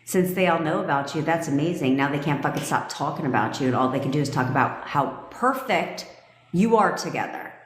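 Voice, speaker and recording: A woman's voice: sits low, lively intonation, echoey room, big-room sound. Blunt, profane woman coaching on a live stream. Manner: blunt, profane, quick to laugh; reads and answers viewer comments. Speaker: manifestation coach. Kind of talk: casual livestream chat.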